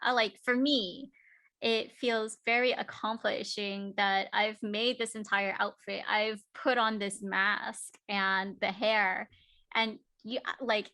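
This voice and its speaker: A woman chatting at home on a video call as an interview guest, telling lively stories and acting out what people said. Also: medium pitch. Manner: animated storyteller, acts out quotes. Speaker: guest cosplayer. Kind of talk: casual interview chat.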